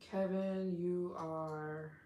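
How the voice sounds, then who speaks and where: A woman chatting on a live stream, gushing and excitable, her speech full of "like." Her voice sits on the lower side, and the room around her rings with echo. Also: very slow. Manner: effusive and excitable, heavy use of "like". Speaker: travel vlogger hosting a live stream. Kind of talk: casual live-stream chat with viewers.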